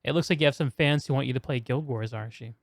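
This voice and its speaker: A man hosting a podcast in casual chat, a relaxed and encouraging listener. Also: medium pitch, fast talker, dry recording, clean studio sound. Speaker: podcast host.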